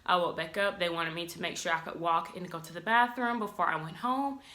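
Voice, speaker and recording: A young woman talks to her camera at home like she's catching up with friends, chatty and animated. Her voice has a bright, forward edge, and she slips into little acted-out quotes as she goes. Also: lowish voice, a little fast. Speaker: vlogger. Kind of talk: casual storytelling to camera.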